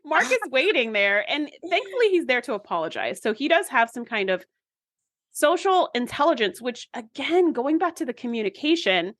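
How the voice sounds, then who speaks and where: Woman podcast co-host, casual recap, animated storyteller; high-ish register, dry sound. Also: normal speed, no room sound. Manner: lively storyteller who acts out characters' lines. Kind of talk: casual episode recap chat.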